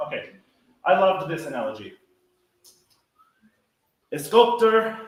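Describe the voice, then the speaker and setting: A man's voice: a little high, a bit bright. A man leading a choir rehearsal, coaching singers with energy and singing example phrases. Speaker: choir director. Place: large echoey rehearsal hall. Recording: very echoey hall, faint music.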